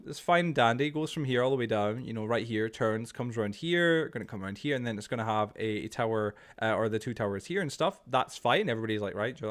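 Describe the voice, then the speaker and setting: A young man hosts a casual live stream from his room at home. He rambles in a chatty, loose way and laughs easily. His voice sits at an ordinary middle pitch for a man.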